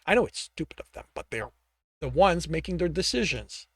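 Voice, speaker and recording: A man voicing an agitated male tiger who talks in an urgent, hurried way. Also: on the high side, sing-song, no echo. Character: agitated male tiger, frantic film star.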